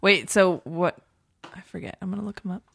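Woman, lowish voice, rambling casual chat, dry close mic. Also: brisk, gravelly, husky, no room sound. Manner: chatty, rambling, self-interrupting. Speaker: podcast co-host.

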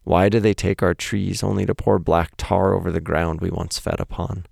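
Mournful talking birds in a spoken poem, read by a deep, rough-voiced man. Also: flat delivery, moderate pace, dry recording, clean studio sound, full character voice. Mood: sorrowful. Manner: soft, mournful questioning. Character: sorrowful songbirds watching humans.

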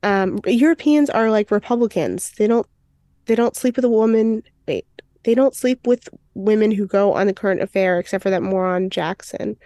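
A woman's voice: medium pitch, moderate pace, dark tone, dry recording. Woman rambling through a film recap. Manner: rambling recap full of "um" and "and then he's like"; reads out movie quotes in a lightly lifted voice. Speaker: podcast co-host. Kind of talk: casual chat retelling a film.

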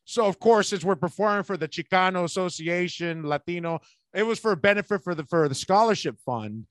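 A comedian chatting casually, telling stage stories and acting out what people said. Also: male voice, high voice, fairly quick, no room sound. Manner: animated storyteller, acts out quotes. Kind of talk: casual podcast chat.

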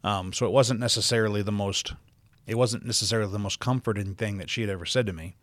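A man's voice: fairly low pitch, fast talker, dry recording. Emphatic male pastor preaching. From South Dakota, USA. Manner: emphatic, repeats key words for stress; reads scripture in old-fashioned wording. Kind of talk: sermon.

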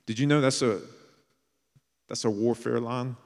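A man preaching a sermon as a pastor, earnest and plain-spoken, sometimes dropping to a hushed storytelling tone. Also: medium pitch, fairly even intonation, a little fast. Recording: long reverb of a large hall.

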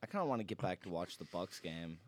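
A man's voice: deep voice, animated, quick pace. A man co-hosting a podcast, bantering in crude, laid-back casual chat. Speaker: podcast co-host.

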